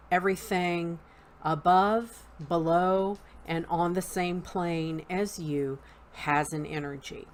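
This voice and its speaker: A woman with a Southern US accent, teaching an online class in an unhurried, halting way with frequent ums. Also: on the low side. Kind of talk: unscripted spoken lesson.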